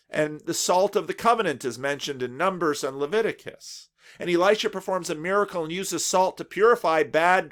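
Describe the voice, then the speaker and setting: A man's voice: high voice, fairly bright tone. A male pastor delivering a reflective sermon, earnest and thoughtful, often restarting phrases with repeated words.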